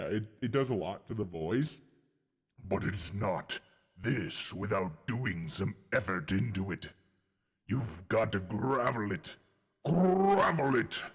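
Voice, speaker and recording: A low, husky voice growls through a gravelly voice-changer filter, as a male streamer tries it out. He rambles slowly and haltingly, stopping and restarting his explanation. A long, hall-like reverb trails behind every word. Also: heavily acted. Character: man's own self through a gravelly voice filter.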